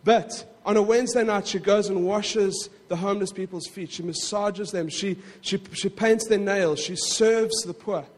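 A man preaching a sermon in a conversational way, with frequent asides to the congregation and quick self-corrections. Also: high-pitched, in a large hall. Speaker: pastor.

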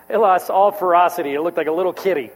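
High-voiced man preaching in a hall. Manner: storytelling, acts out quoted voices, laughs between lines. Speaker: pastor. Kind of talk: sermon with personal story. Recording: reverberant hall with mains hum. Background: mains hum.

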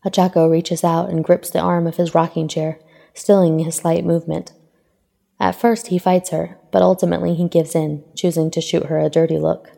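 Reading fan fiction aloud at a moderate pace, this woman keeps an even, steady delivery. She speaks low and mellow with gravelly fry, and her words are followed by a long, lingering reverb.

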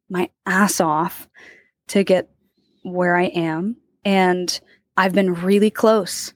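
A woman's voice: medium pitch, no room sound, studio quality. A woman in her twenties, a guest actor, telling stories in a casual interview, acting out the people she quotes and laughing often. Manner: animated storyteller, acts out quoted voices, laughs often.

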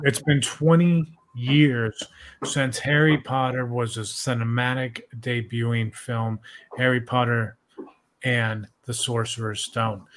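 A man's voice: medium pitch, a bit bright, a little hiss or hum. Rambling, cursing podcast host man. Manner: rambling, profane, loose storytelling. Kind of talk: casual chat.

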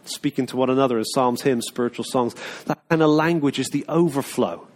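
A man's voice: medium pitch, fairly quick, a little mellow. A middle-aged man preaching a sermon in a conversational way, often restarting and acting out little asides. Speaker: pastor.

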